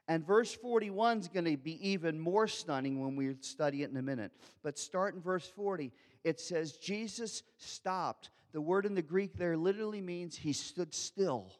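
A man in the pulpit delivering a sermon in a notably high voice. He acts out the scripture quotes and moves between loud, urgent lines and near-whispers. A long reverb trails his words through the sanctuary. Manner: dynamic preaching, acting out quotes, swinging from loud to hushed. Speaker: pastor.

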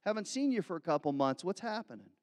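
A man's voice: sits high, sing-song, fast, darkish tone, no echo, studio quality, big-room sound, voice pushed up. A man in his fifties voicing God as an easygoing, chatty fatherly figure inside a sermon. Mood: casual. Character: God as a casual, fatherly male voice.

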